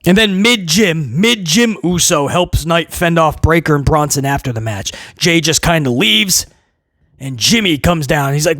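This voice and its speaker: A man rants through a review with blunt sarcasm and open exasperation, and now and then he bursts out loudly to mock what he watched. His voice sits high and swings widely in pitch. The tone is bright and edged, and the sound is dry and close. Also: lively intonation, unhurried, no echo. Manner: mocks with loud comic outbursts. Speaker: wrestling show reviewer. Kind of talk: ranting solo review.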